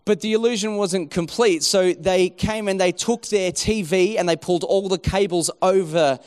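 A middle-aged man preaching a sermon, telling a story with lively acted-out quotes. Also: high voice, normal speed. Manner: animated storytelling, acting out quoted voices. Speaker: pastor.

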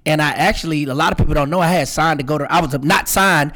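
A man's voice: fairly high pitch, fast talker. A man hosting a podcast, telling his radio career story in casual chat and acting out what people said. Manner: animated, acts out quotes. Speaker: podcast host, radio personality.

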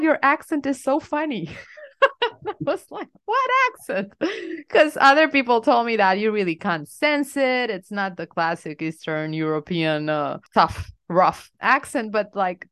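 A woman from Romania talks on a podcast in a smooth, clear voice that sits a little low. Her first language is Romanian. She is self-deprecating and laughs often. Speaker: podcast co-host. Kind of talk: casual podcast chat.

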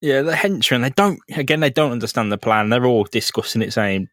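A man's voice: mid-range voice, lively intonation, a little fast, few pauses, a bit bright, no echo, clean studio sound. A man co-hosting a podcast in casual comic chat, swearing freely and acting out characters with a laugh. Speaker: podcast co-host.

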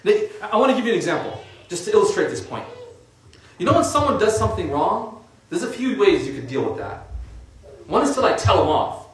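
A man preaching in a loose, chatty style, tossing in casual fillers as he talks. His voice sits a little high for a man. He is heard from some distance in a very echoey room. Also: very animated, brisk. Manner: conversational, uses casual fillers. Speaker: religious speaker. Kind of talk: informal sermon.

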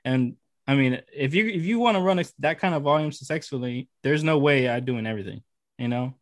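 A podcast co-host with a brisk, medium-pitched voice chats casually during an interview, speaking emphatically and from the heart and repeating phrases for emphasis. The sound is studio quality with no room sound.

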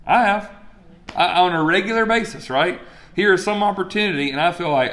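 A man, preaching in a relaxed, chatty way. His voice sits a little high for a man, and he often turns to the crowd with questions. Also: fast. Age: 40s. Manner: conversational, asks the crowd questions. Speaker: pastor. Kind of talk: sermon.

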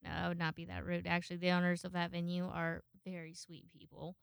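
A woman's voice: on the low side, completely flat delivery, fairly quick, creaky, clean tone, no room sound, studio quality. A woman hosting a podcast in casual solo chat. She rambles, swears freely and acts out the people she quotes. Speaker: podcast host.

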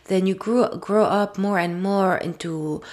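A woman with a French accent, hosting a podcast and talking things through in a gentle, thoughtful way with frequent fillers and restarts. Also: mid-range voice, a little slow. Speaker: podcast host. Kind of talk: casual solo podcast talk.

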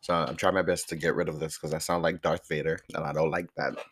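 A man hosting his own podcast in a rambling, casual way, hoarse from a sore throat and pausing now and then to chew. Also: very deep voice, level tone, a bit bright. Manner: rambling, chatty, pauses to chew food. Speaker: podcast host. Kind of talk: casual solo podcast chat.

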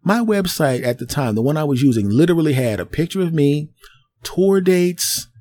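A middle-aged man hosting a solo podcast, ranting in an animated way and acting out voices as he goes. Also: fairly high pitch, normal speed, no echo. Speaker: podcast host.

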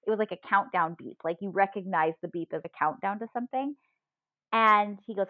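A woman co-hosts a podcast, swapping stories in a relaxed, laughter-filled chat. Her medium-pitched voice moves fairly quickly and tells each story with animation, laughing often. The recording is lo-fi with no echo.

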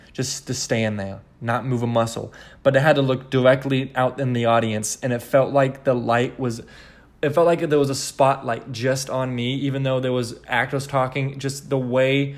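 A man hosting a podcast in casual chat, rambling with lots of fillers and swearing. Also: medium pitch. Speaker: podcast host.

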